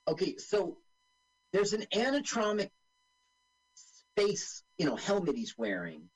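Guy co-hosting a movie chat, jokey, voice bouncing all over the place, a bit high. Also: a little slow, slightly rough, low-quality recording. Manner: animated, jokey, narrates on-screen action. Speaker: podcast co-host. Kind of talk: casual chat watching a film.

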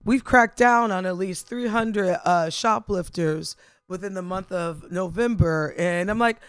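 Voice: medium pitch, measured pace, a bit bright, smooth, dry recording. A podcast co-host chatting casually, rambling with lots of fillers and restarts. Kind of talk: casual chat.

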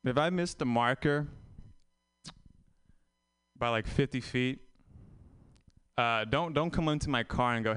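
Young male comic, smooth voice, mid-range pitch, wry self-mocking stand-up with rambling asides. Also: moderate pace, a bit bright, no echo. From Vietnam. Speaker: stand-up comedian. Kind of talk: stand-up comedy set.

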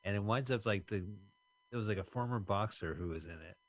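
A man co-hosting a radio show, chatting casually and rambling with restarted sentences and deadpan asides. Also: lowish voice, brisk, no echo. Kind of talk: casual chat.

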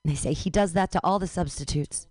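A woman's voice: on the low side, fast, no echo. Woman telling a wild story, dry close sound. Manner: animated storyteller, swings to loud cries. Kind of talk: stand-up story on a radio show.

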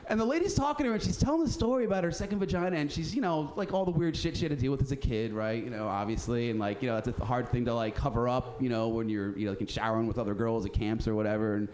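A man's voice: mid-range voice, fast talker, hardly any pauses, darkish tone, slight background noise. A man hosting a radio show, telling street stories in a casual, profane way and acting out the people he quotes. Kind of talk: casual storytelling chat.

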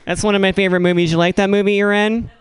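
A woman's voice: mid-range voice, little pitch movement, very fast, clean tone. A young woman telling rambling, self-mocking comic stories full of fillers. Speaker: improv comedy performer. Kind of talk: storytelling stand-up improv.

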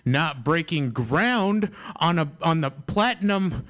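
Guy doing a standup bit, slow dry delivery, bit higher pitched. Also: expressive, a bit bright. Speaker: stand-up comedian. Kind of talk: stand-up set.

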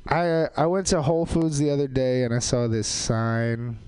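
A man doing a stand-up comedy set, delivering deadpan one-liners with sudden jumps into a loud, high voice. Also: normal speed, smooth, dry recording. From Caribbean islands heritage.

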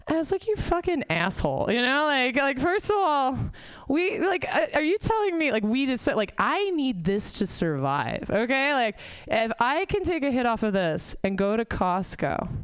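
A woman's voice: fairly low pitch, clean tone, no room sound. A woman doing a stand-up set, rambling, swearing a lot and mocking herself. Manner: profane, rambling, self-mocking. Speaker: stand-up comic. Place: comedy club stage.

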